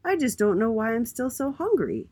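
A woman's voice: on the high side, very animated, normal speed, mellow, breathy edge, voice pushed up. A woman voicing Mister H, a sad, always-hungry letter in a children's storybook. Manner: sad and plaintive.

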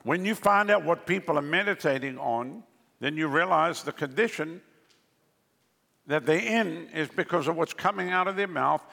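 A man's voice: on the high side, normal speed, gravelly, pushed and bright. A male pastor preaching a sermon, telling jokes and stories to the congregation in a large church hall. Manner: joking, storytelling preacher. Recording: long hall reverb.

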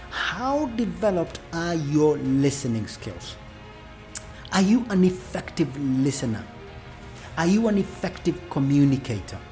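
A woman's voice: low voice, darkish tone. A woman giving a motivational talk on family, preachy and full of questions to the listener, with faint music behind. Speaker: speaker on family relations.

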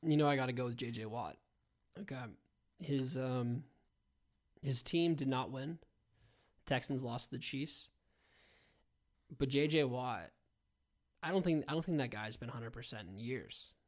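A man's voice: mid-range voice, measured pace, pauses often. A man co-hosting a casual sports podcast, earnest and folksy. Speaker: podcast co-host.

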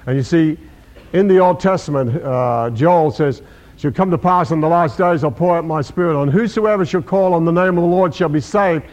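A man's voice: on the high side, moderate pace, darkish tone. An older man preaches a sermon in a slightly raised voice. He is emphatic and keeps coming back to the same words for weight. The recording is dull and lo-fi. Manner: emphatic, repeating key words, voicing quoted scripture.

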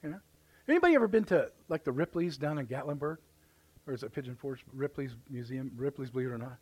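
A man's voice: mid-range voice, animated, quick pace, a little mellow, breathy edge. A man with a Midwestern American accent, preaching a live sermon as pastor in folksy storytelling, acting out voices and exclamations. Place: church sanctuary, live service.

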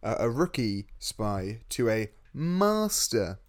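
A man's voice: on the low side, very animated, slow. A man co-hosting a podcast over a video call, chatting casually with wry, dry jokes. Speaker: podcast co-host. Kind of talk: casual movie chat.

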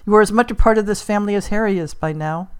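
A grieving middle-aged mother in a storybook reading, as a woman narrator puts her on. Her voice is gentle yet firm, now soothing, now lightly scolding, pitched a touch above the narration. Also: very fast, clean tone, close to an everyday voice. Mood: tender.

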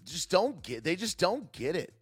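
A man's voice: high-pitched, big pitch swings, moderate pace, husky, soft background music. A man hosting a live stream, ranting casually in a sarcastic, wry way and talking to his chat. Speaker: livestream host.

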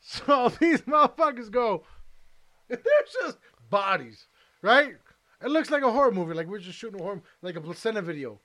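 Excitable man who keeps cutting in. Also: high voice, moderate pace. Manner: interrupting, excitable, repeats "listen". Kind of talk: casual chat.

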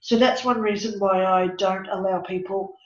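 A woman's voice: medium pitch, normal speed. Woman medium, echoey lo-fi sound. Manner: animated, dramatic storytelling. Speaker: psychic medium and counsellor. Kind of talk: storytelling in an interview. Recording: echoey, dull lo-fi room.

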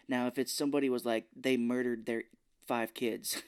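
A man's voice: medium pitch, fairly even intonation, normal speed, clear, resonant tone. A man co-hosting a podcast, chatting casually, rambling with lots of filler and jokes. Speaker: podcast co-host. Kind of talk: casual chat.

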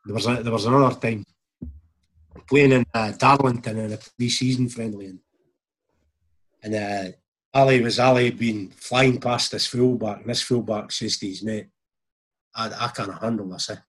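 A Scottish man in casual chat, telling animated anecdotes and acting out the people in them. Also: mid-range voice, moderate pace, breathy edge. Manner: broad, animated storytelling with acted quotes.

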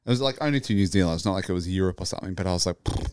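A man's voice: deep voice, very fast, hardly any pauses, a little mellow, clean tone. A man co-hosting a casual podcast chat, talking in a rambling, laid-back way. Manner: rambling, full of fillers and restarts, laughs often. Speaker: podcast co-host.

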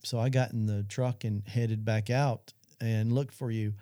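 Middle-aged man, Christian talk host, earnest storyteller, warm low tone, dry close sound. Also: steady tone, normal speed, hardly any pauses, dry recording. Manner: earnest storytelling, addresses audience. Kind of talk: Christian talk show testimony.

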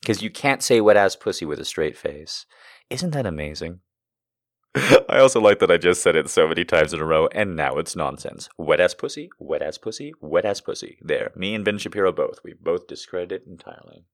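Animated man on a comedy podcast. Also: low-pitched, a little fast. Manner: rambling, self-deprecating, crude jokes. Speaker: podcast host. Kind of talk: casual comedic monologue.

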